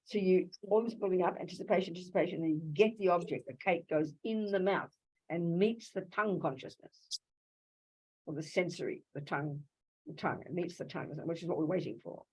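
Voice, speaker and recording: An Australian woman teaching Buddhism to a live audience in a lively, conversational way, often asking rhetorical questions. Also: fairly low pitch, fairly quick, husky, low-quality recording. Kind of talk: dharma talk to a live audience.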